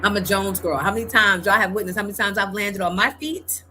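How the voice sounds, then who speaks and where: A woman's voice: mid-range voice, quick pace, bright, forceful tone, a little hiss or hum. Brash, profane woman radio host. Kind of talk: storytelling on a morning show.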